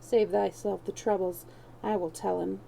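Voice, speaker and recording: A woman's voice: mid-range voice, steady tone, moderate pace, creaky, dark tone, slight background noise, rough recording. A woman voicing a proud boy king in rags, speaking stiffly and scornfully in archaic speech.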